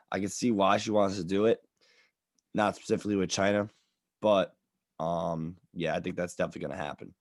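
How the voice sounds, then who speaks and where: A man co-hosting a casual economics podcast, talking in a slangy, relaxed and opinionated way. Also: lowish voice, no echo, studio quality. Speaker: podcast co-host.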